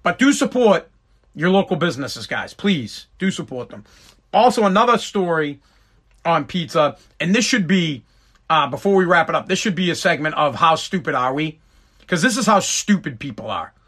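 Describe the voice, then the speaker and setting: A man's voice: a little high, very animated, normal speed, fairly bright tone, slightly rough. A father talking straight to his viewers in a blunt, profane rant, often repeating and restarting his words. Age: adult with a school-age son. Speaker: vlogger and father. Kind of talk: casual ranting monologue to viewers.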